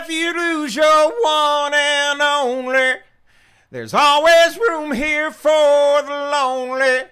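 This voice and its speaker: A man imitating a male country singer, singing in a high, loud, drawn-out belt. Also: heavily acted.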